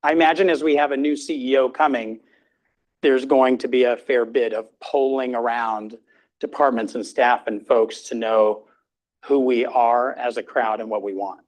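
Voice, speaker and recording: A middle-aged man speaks at a hospital grand rounds in a lecture room. He talks informally and haltingly, with many ums and restarts. His voice sits at an ordinary middle pitch. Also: steady tone, rough recording.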